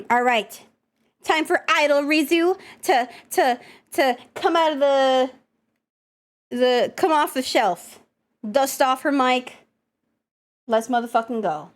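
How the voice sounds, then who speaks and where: A high-pitched woman streamer who has a cold and keeps coughing chats casually and excitably with her chat, swearing and playfully scolding them.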